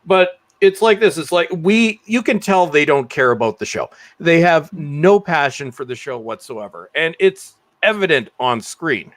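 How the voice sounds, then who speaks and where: A man's voice: on the high side, lively intonation, unhurried, few pauses. A man guesting on a casual panel chat, critical and often repeating words as he starts a thought.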